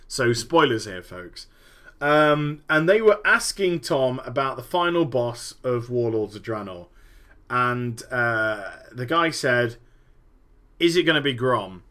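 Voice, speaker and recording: A man talking about games in a lively, rambling rant, swearing freely as he spins out his theories. His voice is bright and forceful, and his pitch swings widely as he builds each point. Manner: animated, swearing, vivid storytelling. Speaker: gaming podcast host. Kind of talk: animated solo commentary.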